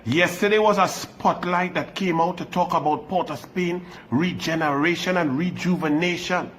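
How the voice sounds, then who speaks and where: A man's voice: a little high, moderate pace, fairly bright tone, slight background noise. A man with a Trinidadian accent, a politician speaking in an earnest, direct political address.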